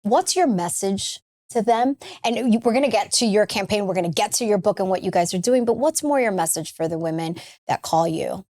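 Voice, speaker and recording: Female podcast host, mid-range voice, lively chatty questioning. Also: mid-range voice, a little fast. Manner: animated, chatty, frequent fillers. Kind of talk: conversational interview.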